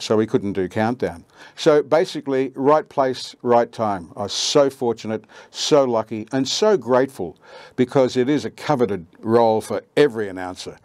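An older Australian man, a veteran radio announcer and voiceover artist, recalls his career with lively storytelling and acts out quoted lines. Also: lowish voice, no echo. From Queensland, Australia.

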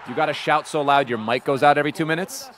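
A man's voice: a little high, fast talker, a bit bright. A young man streaming games and chatting casually with his viewers in a laid-back way. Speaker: game streamer.

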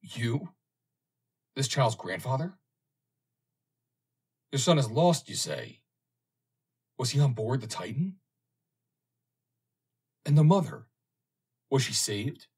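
A man's voice: low-pitched, big pitch swings, slightly rough, heavily acted. Man reading as an eager, worn young sailor. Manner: eager, halting.

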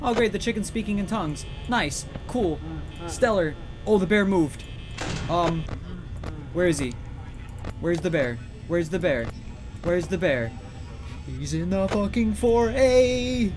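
Live horror-game streamer, panicky and profane, talks to chat; drawn-out delivery, game music underneath. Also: medium pitch, animated. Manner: panicky, swearing, nervous giggling; greets and answers chat between scares. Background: game music and sounds.

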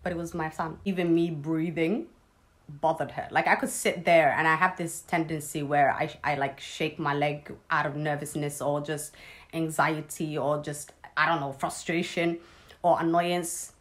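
A woman's voice: sits low, fairly even intonation, normal speed. A young woman telling a personal story in a casual vlog, blunt, sarcastic and swearing freely. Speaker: vlogger.

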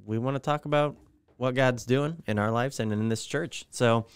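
Young male pastor, clear smooth tone, dry close sound, easygoing podcast banter. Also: medium pitch, moderate pace, no echo. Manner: relaxed, joking, hesitant with fillers. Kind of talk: casual podcast chat.

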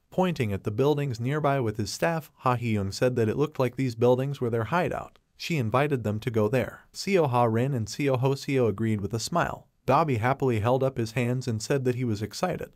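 A man reading a scripted story recap in a steady, even narration. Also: medium pitch, no room sound, clean studio sound.

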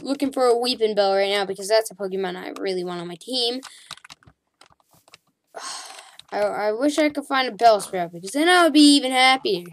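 A woman giving casual, excitable commentary while playing a game, chattering at the creatures on screen and calling out to them. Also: fairly high pitch, normal speed, long pauses. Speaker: gaming channel host.

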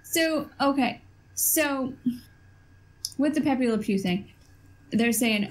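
A woman's voice: high voice, animated, slow, pauses often, poor audio. A woman co-hosting a casual podcast chat, telling stories in a rambling way with lots of ums. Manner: rambling storyteller, many ums. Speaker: podcast co-host.

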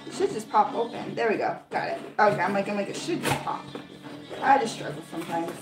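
A young adult woman vlogger chats through an unboxing in a gushing, excitable way, peppering her talk with 'like'. Her voice sits at a middling pitch and rings in a roomy, echoing space. Faint music plays underneath. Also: brisk. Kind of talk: casual unboxing chat.

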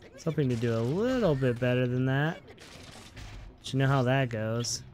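A man's voice: medium pitch, lively intonation, normal speed, a little mellow. A man hosting a gaming channel, giving upbeat, chatty let's-play commentary and talking playfully to his viewers.

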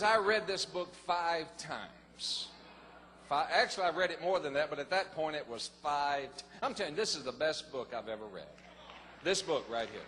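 A middle-aged man, a pastor telling a personal story in a sermon, folksy and animated. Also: on the high side. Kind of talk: sermon testimony. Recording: long hall reverb, faint noise.

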